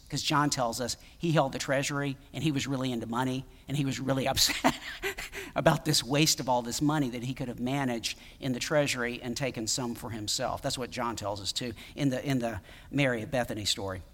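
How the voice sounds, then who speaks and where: A man's voice: mid-range voice, fairly quick, a bit bright, long reverb tail. A man preaching a sermon in a conversational, emphatic way, with many fillers and restarts. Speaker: pastor.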